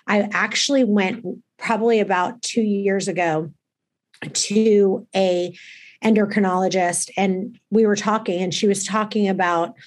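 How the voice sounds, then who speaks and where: A woman's voice: medium pitch, steady tone, measured pace. A woman hosting a casual interview, speaking in an enthusiastic, gushing way as she welcomes her guest and tells stories. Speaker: host.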